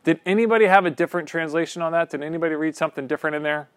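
A man leads a relaxed Bible class in a small room, his voice sitting a little high. He talks through his points conversationally, often checking in with the group. The recording is dry, with little room sound. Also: rapid-fire, no echo. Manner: conversational, many asides and "right?" checks with the group. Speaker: Bible study teacher. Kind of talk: informal Bible class lecture.

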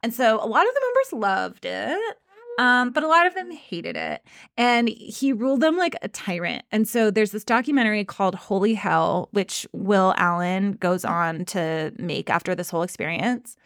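A woman co-hosting a podcast in casual chat, telling a story with casual swearing and animated quoting. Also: medium pitch, normal speed, vocal fry, no room sound, studio quality. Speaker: podcast co-host.

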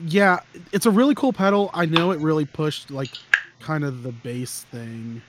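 A man's voice: on the high side, moderate pace, background noise. A man hosting a gear podcast, chatting casually in a rambling, joking way with frequent restarts. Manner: rambling, jokey, restarts often. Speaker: podcast host. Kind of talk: casual chat.

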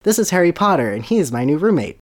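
A podcast host doing the voice of an eager, excitable young boy wizard while reading fan fiction aloud for laughs. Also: quick pace. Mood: joyous. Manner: eager, breathless, high-pitched. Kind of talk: comic fanfic reading.

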